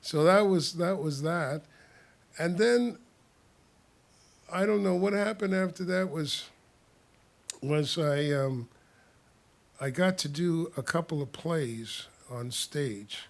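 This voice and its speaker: Man, storyteller, fairly high voice, chuckling often, rambling casual telling. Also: slow pace, gravelly, long pauses.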